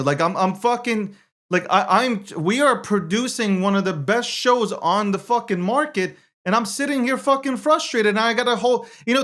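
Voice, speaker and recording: A man's voice: extremely high pitch, fairly bright tone. A man hosting and producing a live show, talking in a heated, repetitive way with heavy swearing.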